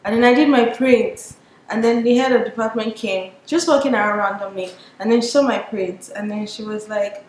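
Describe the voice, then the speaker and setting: A young woman, a business owner telling her story to camera in a lively way and acting out what others said. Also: fairly high pitch, fairly quick, reverberant, low-quality recording. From Nigeria. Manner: lively storyteller who acts out what people said. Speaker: business owner and surface pattern designer.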